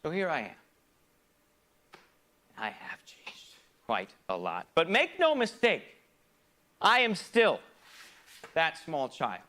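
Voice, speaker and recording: Lively, bright-voiced man performing a monologue. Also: on the high side, slow, long pauses. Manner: swings between loud outbursts and hushed asides. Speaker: stage performer. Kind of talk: theatrical comic monologue.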